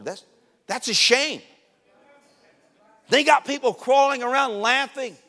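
Man preaching hard in a church, really high voice, shouting out to the crowd, big echoing hall. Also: slow, pauses often. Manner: fervent, often shouting calls to the congregation. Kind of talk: sermon.

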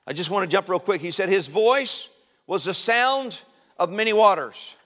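A man preaching a sermon in a church, fervent and often shouting calls to the congregation. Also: high voice, expressive, moderate pace, long reverb tail.

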